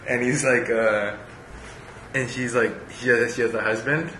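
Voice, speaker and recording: A man's voice: medium pitch, unhurried. A man talking casually about a book, rambling with lots of fillers and reading passages aloud. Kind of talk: casual chat. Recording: echoey room with steady background noise.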